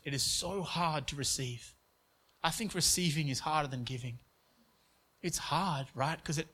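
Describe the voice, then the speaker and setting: A man preaching with a slightly high voice, telling a personal story in an earnest way. He restarts often and stumbles over his words as he goes. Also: bright, forceful tone. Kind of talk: sermon story.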